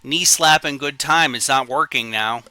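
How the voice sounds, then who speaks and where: A man's voice: medium pitch, normal speed, bright, forceful tone, no room sound. A man streaming games live, muttering in frustration as his setup keeps failing. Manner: frustrated muttering over technical trouble. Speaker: game streamer.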